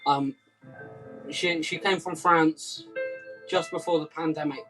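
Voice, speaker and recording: A man from southwest England doing rambling comic patter between songs, hesitant and deadpan, full of ums and restarts. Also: fairly high pitch, slow pace, music in the background. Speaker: comedy musician hosting a live stream.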